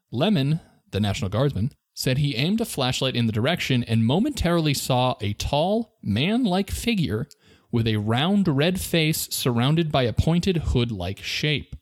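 A man's voice: mid-range voice, very animated, moderate pace, dry recording, clean studio sound. A man co-hosting a podcast, telling a story in a playful, joking way and laughing often. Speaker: podcast co-host. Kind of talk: casual storytelling chat.

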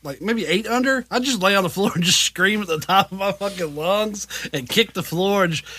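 A man's voice: sits high, fairly quick, sharp tone, husky. A man co-hosting a casual podcast, cracking jokes and swearing with frequent laughter. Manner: joking interjections, laughs often, swears. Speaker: podcast co-host. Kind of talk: casual profane podcast chat.

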